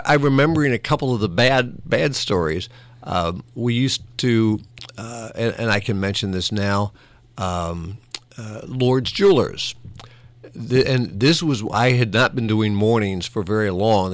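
A former morning radio host telling old stories in a relaxed conversational way, self-deprecating and laughing often, with small restarts. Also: male voice, lowish voice, unhurried, no echo. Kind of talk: conversational storytelling.

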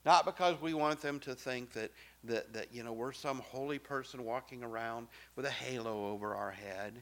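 A middle-aged male pastor preaching a sermon, emphatic and swinging from soft, low asides to loud exclamations. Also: moderate pace.

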